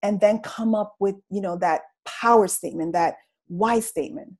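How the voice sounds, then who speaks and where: A middle-aged woman telling her story on a video call, in a comical, slangy, animated way. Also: mid-range voice, moderate pace, rough recording. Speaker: guest speaker sharing her story. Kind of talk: casual motivational talk on a video call.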